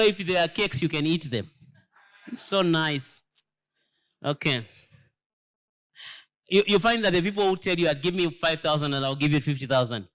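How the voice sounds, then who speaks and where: Man, church elder, sermon-style lesson, fairly high voice, emphatic rhetorical questions, stumbling repeats. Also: a bit bright. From Zambia. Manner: emphatic, rhetorical questions to the audience, repeats words while searching.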